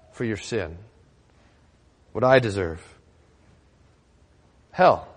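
A man pastor preaching a sermon with emphatic, slowly stressed phrases. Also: on the high side. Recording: church hall reverb.

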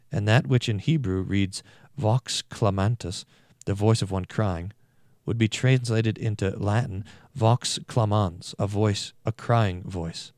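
A man reading a sermon aloud in a measured, emphatic way, slowing down for Latin phrases. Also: medium pitch, a little mellow, no room sound, clean studio sound. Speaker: reader.

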